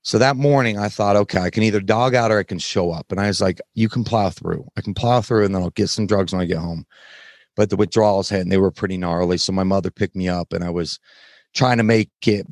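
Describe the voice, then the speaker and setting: A man as a podcast guest, telling his story candidly in plain, frank words with halting restarts. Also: lowish voice, vocal fry, dry recording, studio quality. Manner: frank, plain-spoken, occasional swearing; halting, many fillers and restarts while recounting.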